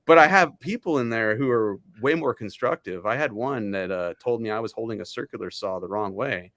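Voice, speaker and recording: A man who is the guest, telling animated stories in casual chat and laughing at himself often. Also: on the low side, brisk, no echo.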